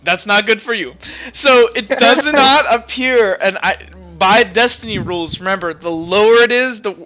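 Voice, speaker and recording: A man's voice: high-pitched, pushed and bright, muffled recording. A man narrating as game master of a tabletop role-play session, laughing often as he describes scenes.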